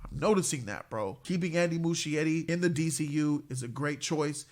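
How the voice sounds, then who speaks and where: Male fan-channel host, slightly high-pitched, casual hyped commentary, heavy on "bro" slang. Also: brisk. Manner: slangy, excitable, says "bro" constantly. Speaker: host of a superhero movie news channel.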